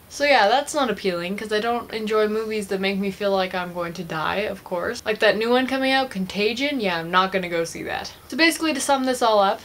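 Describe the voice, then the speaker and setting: A woman's voice: mid-range voice, a bit bright. Giggly young woman gushing about a movie. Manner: chatty, gushing fan with frequent giggles. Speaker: vlogger. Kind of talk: casual movie review.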